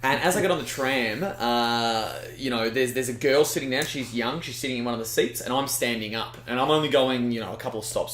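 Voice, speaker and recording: A man's voice: mid-range voice, fast, few pauses, fairly bright tone, reverberant. A man in his twenties with an Australian accent, a chatty storyteller who swears freely as he co-hosts a casual podcast. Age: 20s. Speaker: podcast co-host. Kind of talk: casual chat.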